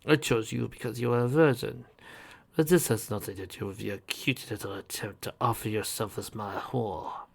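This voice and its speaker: A man voicing a cruel, menacing villain in a slow, quiet drawl. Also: fairly low pitch, vocal fry, slightly rough. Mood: gloating. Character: cruel male villain, cold, menacing, foreign-sounding.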